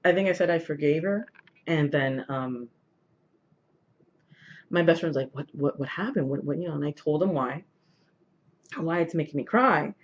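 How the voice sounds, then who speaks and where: Hoarse-throated woman rambling through a story. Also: low voice, unhurried, pauses often. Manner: rambling, many fillers and restarts. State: sore throat. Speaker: vlogger. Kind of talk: casual storytelling to camera. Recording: dull lo-fi recording.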